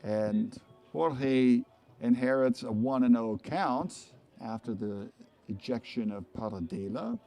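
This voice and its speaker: A man calling a live baseball game play-by-play, chatty and rambling into asides between pitches. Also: slow pace, dark tone. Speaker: play-by-play commentator.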